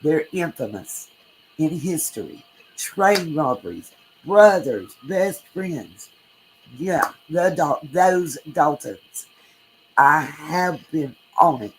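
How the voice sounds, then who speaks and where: A woman's voice: low-pitched, expressive, takes it slowly, low-quality recording. Woman hosting a casual true crime livestream, talkative and heartfelt, over faint hiss. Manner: chatty, emotional, thanks viewers by name. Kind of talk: casual livestream talk, reading chat.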